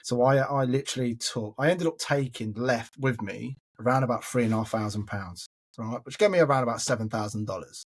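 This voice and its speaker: A man's voice: medium pitch, brisk. An Englishman hosting a podcast, chattily telling stories and calling his listener mate. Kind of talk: casual storytelling chat.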